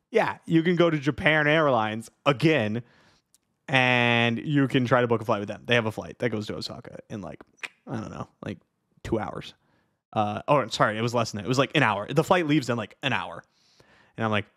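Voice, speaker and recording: Young man telling a travel mishap story. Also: mid-range voice. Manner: animated retelling with quoted voices and laughs; swears casually. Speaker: vlogger. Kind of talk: casual storytelling.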